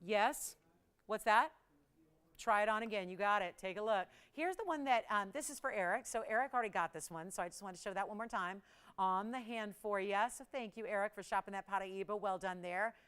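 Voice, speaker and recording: A woman's voice: medium pitch, fairly quick, a bit bright, clear, resonant tone. A woman hosting a live on-air jewelry shopping show, chatty and playful, laughing often and teasing the crew. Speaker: shopping channel host.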